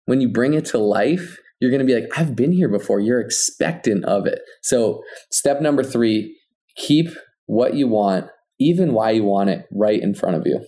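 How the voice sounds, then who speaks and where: A man's voice: medium pitch, expressive, normal speed, mellow. A man co-hosting a podcast, talking earnestly in a casual, coaching way. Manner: earnest, coaching tone with many "like" fillers. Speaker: podcast co-host. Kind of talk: casual motivational podcast chat.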